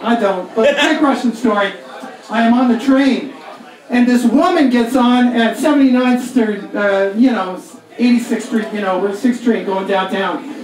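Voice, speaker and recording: A profane, self-mocking stand-up comic. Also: male voice, very high voice, moderate pace, darkish tone. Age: 40s. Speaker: stand-up comedian. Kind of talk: live stand-up set. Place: comedy club stage. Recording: echoey club heard from far off, audience. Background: audience laughter.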